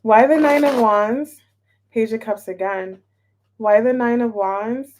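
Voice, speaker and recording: A woman's voice: on the high side, slow pace, a little mellow, slight background noise. A woman giving a casual live tarot reading, chatty and a little scattered, repeating herself and greeting viewers in the chat. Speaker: tarot reader.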